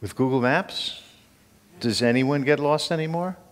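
A man's voice: medium pitch, measured pace, big-room sound. An older man teaching a class in an informal, conversational way, often asking questions of the room.

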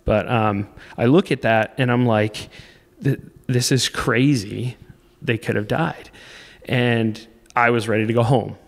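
A man in his thirties recounts a frightening personal story, stopping and restarting his phrases as he goes. His pitch sits in a middle range, and his delivery stays intense and earnest. A long reverb trails his voice, as if he were recorded in a large, echoing space. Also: steady tone, measured pace, creaky. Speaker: podcast guest, off-road racer.

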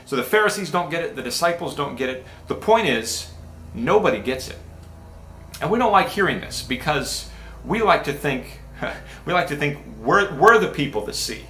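A man's voice: on the high side, big pitch swings, moderate pace, sharp tone, a little hiss or hum. A man pastor giving a casual, conversational sermon with many restarts and asides. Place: church sanctuary. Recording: echoey church room.

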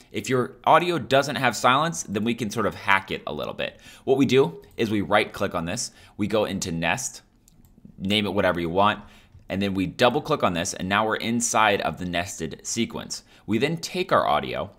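A man hosting a software tutorial, explaining each step in a casual, upbeat way. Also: on the low side. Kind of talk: screen-recorded software tutorial.

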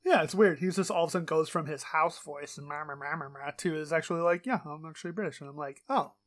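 A man co-hosting a casual podcast, rambling through a film recap with plenty of fillers and the odd curse. His voice sits a bit high and he gets animated as he talks. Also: fast. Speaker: podcast co-host. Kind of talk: casual chat.

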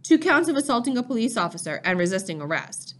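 A somber neighbor man from an audiobook, speaking low and cautiously as he delivers hard news. A woman acts him out in her reading voice. His tone stays guarded and heavy. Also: very animated, quick pace. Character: somber male neighbor bringing bad news.

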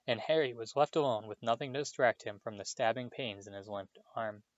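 A man reading a novel aloud in a steady storytelling voice, with small slips now and then. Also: mid-range voice, fairly quick, dry recording, lo-fi sound. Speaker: audiobook reader.

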